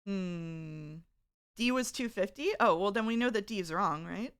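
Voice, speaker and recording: At a measured pace, a woman with a mid-range, slightly bright and clean-toned voice chats on a live stream. She reads viewer messages aloud, stays chatty and giggly, and laughs often in this casual conversation.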